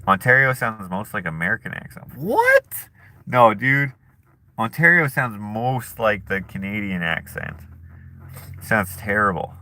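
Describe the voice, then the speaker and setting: A man's voice: fairly low pitch, unhurried, sharp tone. A man hosting a casual live chat who reads viewer comments aloud and jokes and laughs at himself in a laid-back way. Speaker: streamer host.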